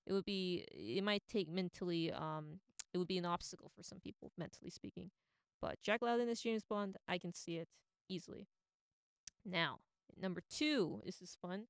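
A woman's voice: fairly low pitch, normal speed, creaky, smooth, no room sound, studio quality. A woman giving a casual, opinionated and rambling monologue as a pop culture commentator.

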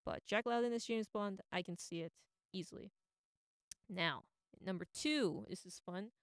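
A woman's voice: medium pitch, moderate pace, dry recording, clean studio sound. A woman giving casual, opinionated commentary on film casting, rambling with many fillers and restarts. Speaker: entertainment commentator.

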